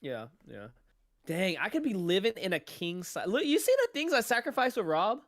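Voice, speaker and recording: A man's voice: sits high, big pitch swings, normal speed, dry recording, studio quality. A young adult man co-hosting a podcast, joking and telling stories in casual chat. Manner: joking, teasing, storytelling. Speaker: podcast co-host.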